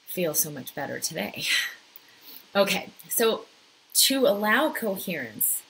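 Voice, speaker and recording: A woman in her thirties telling a personal story in a talk, acting out her own thoughts with lively quoted asides. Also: mid-range voice, slow, heavy background noise. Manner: animated storytelling, acts out her own inner voice. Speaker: speaker.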